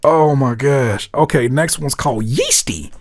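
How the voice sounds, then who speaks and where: A man hosting a music reaction video, talking casually, laughing often and swearing as he gets excited. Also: mid-range voice, a little slow, dry recording, clean studio sound.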